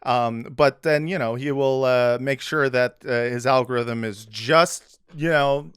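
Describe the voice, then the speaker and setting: Man, podcast host, casual joking chat, smooth clear voice, dry close sound. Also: mid-range voice, measured pace, a bit bright, no room sound. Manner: loose, joking, filler-heavy.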